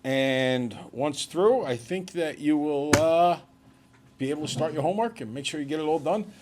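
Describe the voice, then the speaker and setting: A man's voice: on the high side, moderate pace, noisy background. Man teaching a math class. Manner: lecturing students, then working problems with the class.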